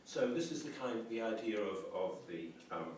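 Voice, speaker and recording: A man's voice: fairly low pitch, lively intonation, normal speed, background noise. A man giving a university lecture on poetry, reflective and hesitant, with many ums and restarts. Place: lecture room. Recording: roomy echoey lecture hall, mic at a distance.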